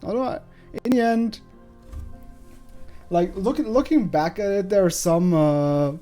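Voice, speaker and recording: A man's voice: high-pitched, measured pace, warm tone, faint music behind. A man hosting a let's play, chatting casually and rambling a little. He makes fun of himself, and his voice is slightly throaty. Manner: chatty, rambling, self-deprecating. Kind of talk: casual gameplay commentary.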